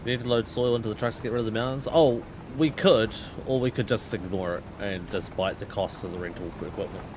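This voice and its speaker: Low-voiced man chatting over noisy game audio. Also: fairly quick. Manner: relaxed, rambling explanations with fillers. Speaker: streamer and host. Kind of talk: casual gaming chat.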